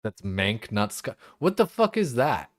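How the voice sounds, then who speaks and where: A man's voice: medium pitch, big pitch swings, unhurried, dry recording, studio quality. A young man chatting casually and profanely on a game stream, laughing often. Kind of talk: casual live-stream chat.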